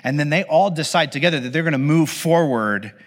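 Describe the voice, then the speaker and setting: A man preaching a conversational, animated sermon with casual asides to his listeners. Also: fairly high pitch, a little fast. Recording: long hall reverb.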